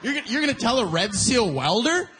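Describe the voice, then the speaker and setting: A young man from Alberta performing a stand-up set, animated and jumping into loud mock voices. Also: very high voice, normal speed, big-room sound, crowd noise, background noise. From Alberta, Canada. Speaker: stand-up comedian. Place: live comedy venue.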